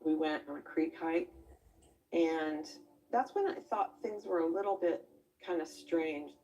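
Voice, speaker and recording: A woman gives a documentary interview about her time as a camper. She speaks in a lowish voice, reflective and halting, with pauses. She sits a bit away from the microphone. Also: darkish tone, distant mic, dull audio, soft background music.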